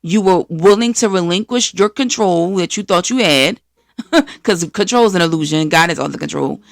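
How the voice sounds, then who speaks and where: American woman, podcast host, motivational faith talk, gravelly fry, close dry sound. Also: lowish voice, moderate pace, no echo. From East Coast of the United States. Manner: energetic, preachy, acts out quoted voices.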